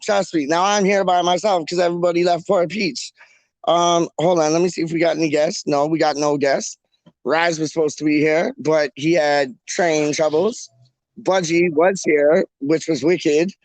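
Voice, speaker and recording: A man's voice: fairly high pitch, fairly even intonation, normal speed, dry recording. Rambling jokey man, dry close sound. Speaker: fan channel host. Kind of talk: casual solo live-stream chat.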